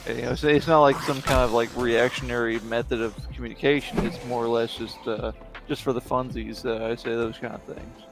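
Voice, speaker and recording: A man's voice: medium pitch, steady tone, a little fast, gravelly, music in the background. A young man streaming a game, chatting casually in a rambling way with many fillers and restarts.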